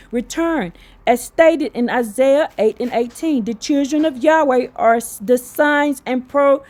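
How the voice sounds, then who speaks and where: Mellow-voiced woman. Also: a little high, moderate pace. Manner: reads text aloud, breaks off into excited asides addressing listeners. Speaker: religious teacher. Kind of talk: livestream religious teaching, reading and commenting.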